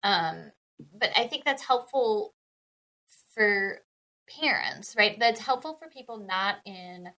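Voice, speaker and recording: An animated woman co-hosting a casual podcast, her voice sitting in a middle register. She talks emphatically and breaks into laughter often. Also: medium pitch, slow pace, rough recording. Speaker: podcast co-host, dyslexia interventionist.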